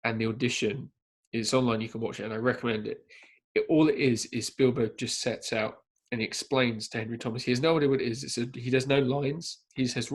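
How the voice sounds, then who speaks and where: A man co-hosting a casual film podcast, telling an anecdote in a lively way and acting out the quotes. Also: mid-range voice, brisk, husky. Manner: lively storyteller who acts out quotes. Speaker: podcast co-host. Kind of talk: casual podcast chat about films.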